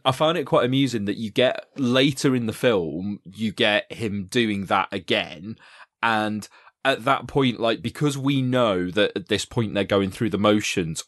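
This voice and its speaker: A man's voice: on the low side, no echo, studio quality. A man co-hosting a podcast, chatting casually and at length about a film, laughing often. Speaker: podcast co-host.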